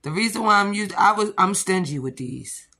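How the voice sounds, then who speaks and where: A woman vlogging about nails, excitable and rambling, with sudden shouts before calming herself down. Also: medium pitch, normal speed. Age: adult with a child. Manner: excitable, rambling, bursts into shouts then calms down. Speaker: nail vlogger. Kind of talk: excited casual vlog.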